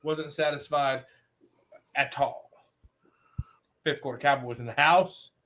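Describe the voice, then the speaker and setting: Bright-voiced emphatic man talking football. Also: mid-range voice, slow pace, slight background noise. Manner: emphatic, repeats words, animated bursts. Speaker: podcast co-host. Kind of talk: casual sports chat.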